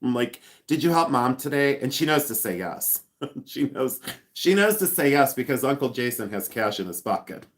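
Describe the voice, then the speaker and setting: A man's voice: mid-range voice, animated, normal speed. A man hosting a casual live stream, chatty and rambling, laughing often and joking with sarcasm. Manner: sarcastic humor.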